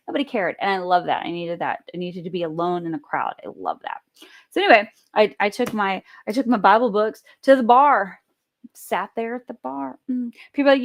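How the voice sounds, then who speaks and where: A woman's voice: mid-range voice, brisk. Chatty, profane woman vlogger. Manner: animated, profane, chatty storytelling. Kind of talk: casual storytelling vlog.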